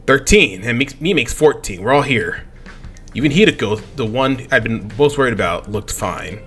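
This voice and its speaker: Animated young man reading game text. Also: mid-range voice, moderate pace. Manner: animated, stumbling over words. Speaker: let's play host. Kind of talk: reading game dialogue aloud. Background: game music.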